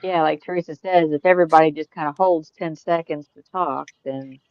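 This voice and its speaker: A woman in casual chat, calmly explaining practical details with easy fillers. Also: deep voice, brisk, dull audio, a little hiss or hum.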